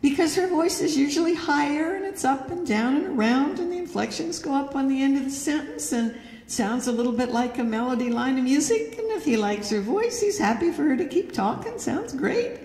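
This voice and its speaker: A woman's voice: sits high, expressive, brisk, darkish tone. Woman lecturing in an echoey hall. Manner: anecdotal, acts out quoted dialogue. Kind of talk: educational talk to an audience. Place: church hall. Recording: echoey hall with long reverb.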